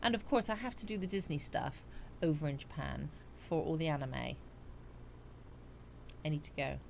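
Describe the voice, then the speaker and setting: A woman's voice: deep voice, expressive, normal speed, vocal fry, slight background noise. A woman hosting a casual live chat stream. She talks in a chatty way, reading out viewer comments and answering them, and she laughs at her own jokes.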